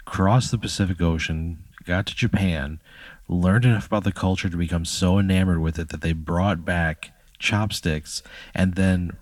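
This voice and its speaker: Deep-voiced man on a dry mic, incredulous and profane. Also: a little mellow, no echo. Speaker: player in a hypothetical. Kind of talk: casual chat.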